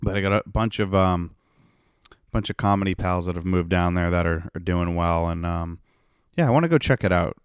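A man's voice: sits low, normal speed, clean tone, no echo, studio quality. A young man hosting a podcast, rambling and ranting in a profane, sarcastic way. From Rhode Island, United States. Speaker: podcast host. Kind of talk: casual solo podcast rant.

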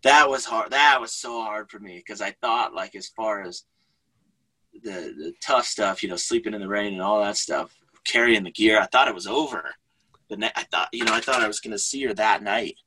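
Guy with a husky, kinda forceful voice, chatty and laughing as he tells a story. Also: lowish voice, normal speed, poor audio. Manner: animated, chatty, laughs often. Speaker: guest. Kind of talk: casual storytelling in conversation.

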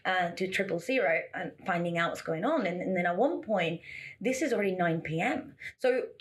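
A young adult woman telling a story in casual chat, animated, often laughing and acting out what others said. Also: fairly low pitch, moderate pace. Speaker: storyteller guest. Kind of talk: casual anecdote, podcast chat.

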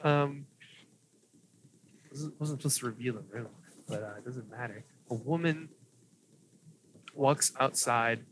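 A man's voice: mid-range voice, measured pace, long pauses, fairly bright tone, a little hiss or hum, rough recording. A young man narrating as game master of a tabletop game, hesitant and nervous, with many fillers.

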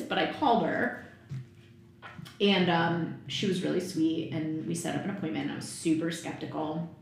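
A woman's voice: on the low side, fairly even intonation, moderate pace, vocal fry. A woman in her thirties, a podcast guest telling a personal story frankly, swearing freely and laughing often. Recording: very echoey room, faint noise.

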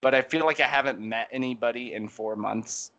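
A man co-hosting a podcast, telling a rambling, animated story in casual chat with lots of fillers. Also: mid-range voice, brisk. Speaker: podcast co-host.

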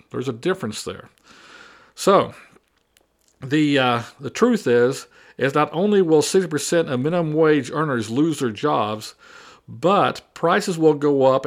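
A man delivering a combative opinion monologue, repeating and mocking his opponents' arguments. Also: fairly high pitch. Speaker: political commentator.

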